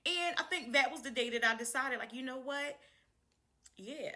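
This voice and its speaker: Young woman vlogging, chatty and animated, bright voice a bit high. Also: moderate pace. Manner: chatty and animated, laughs often, repeats phrases. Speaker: vlogger introducing her channel. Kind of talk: casual chat to camera.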